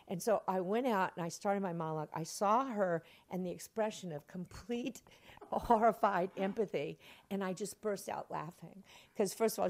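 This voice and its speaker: An older woman, a stage actress being interviewed, telling stories with lots of expression and frequent laughter. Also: on the low side. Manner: expressive, laughing often, acts out quotes. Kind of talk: animated anecdotal storytelling.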